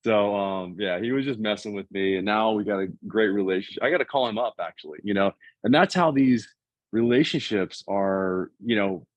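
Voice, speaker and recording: Animated man in his fifties. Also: fairly low pitch, dry recording. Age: 50s. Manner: animated, fast, acts out other people's quotes. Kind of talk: casual storytelling. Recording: dull, dry, lo-fi sound.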